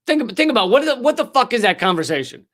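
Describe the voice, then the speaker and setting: A man hosting a comedy news show, delivering a sarcastic, profane rant with sudden swings in pitch and mock voices. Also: very animated, fast talker, fairly bright tone.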